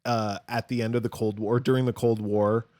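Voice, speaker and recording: This man speaks fairly quickly in a fairly low, darkish voice with little pitch movement, co-hosting a podcast and telling loose, joking stories in casual chat. The audio is dry and studio-clean.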